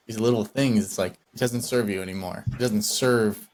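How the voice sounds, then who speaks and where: A man co-hosting a podcast in casual chat, reflective and measured as he thinks aloud. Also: lowish voice, fairly even intonation. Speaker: podcast co-host.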